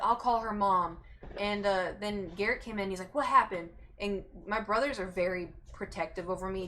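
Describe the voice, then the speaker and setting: A woman's voice: mid-range voice, a little hiss or hum. A young woman streamer animatedly telling a story from her childhood to her chat. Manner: animated, acts out quoted voices. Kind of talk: casual storytelling.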